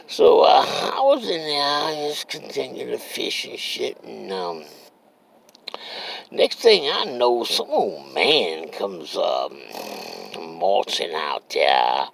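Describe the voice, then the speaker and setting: A man with a Cajun accent drawls through a rambling, profane comedic story, repeatedly asking "you understand me." His voice is a little high and bright, slow and creaky with big pitch swings, over slight background noise.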